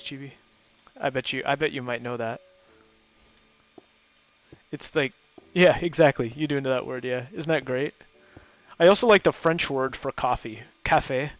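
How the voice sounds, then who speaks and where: Gravelly-voiced man chatting while gaming. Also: mid-range voice, no echo. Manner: chatty and easygoing, laughs often; thinks aloud with fillers. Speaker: gaming host playing with friends. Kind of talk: casual chat while gaming.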